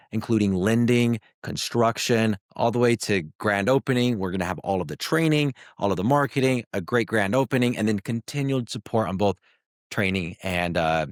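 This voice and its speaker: A man with a fairly low voice hosts a casual business interview. He is upbeat and sums up his guest's points in long runs. The sound is dry and close. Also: no echo. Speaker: interview host.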